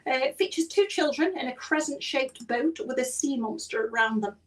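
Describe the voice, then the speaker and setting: A woman's voice: high voice, lively intonation, normal speed. A woman hosting a casual podcast, chatty, reading out news items with her own asides. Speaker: podcast host. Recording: distant mic.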